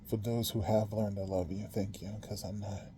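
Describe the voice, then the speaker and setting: A man from the United States hosting a podcast, talking on his own in a casual monologue, emphatic, spelling words out and swinging from quiet to loud. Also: fairly low pitch, level tone, normal speed, background noise. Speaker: podcast host.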